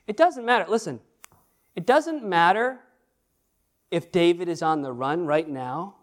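A man preaching a sermon, animated and emphatic, repeating phrases and restarting words as he goes. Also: fairly high pitch. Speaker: pastor.

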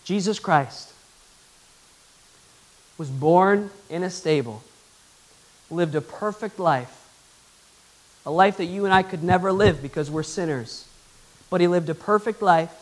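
A man preaching a sermon to his church, swinging from loud, excited bursts to hushed, earnest appeals. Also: a little high. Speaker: pastor.

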